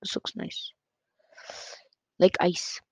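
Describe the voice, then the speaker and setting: A gaming YouTuber giving casual, excitable play-by-play commentary on a close mic that picks up breathing, with quick self-corrections. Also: dry recording. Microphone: close desk mic picking up breath. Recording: dull lo-fi dry sound.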